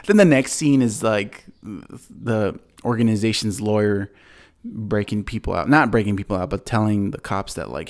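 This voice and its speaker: A podcast host with a lowish voice casually retells a movie plot, rambling along with plenty of fillers and quick laughs.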